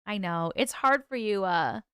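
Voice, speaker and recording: A woman's voice: medium pitch, expressive, unhurried, a bit bright, clean tone, no room sound, studio quality. A woman hosting a casual livestream chat, greeting viewers by name, reading their comments aloud and laughing often. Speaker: livestream host.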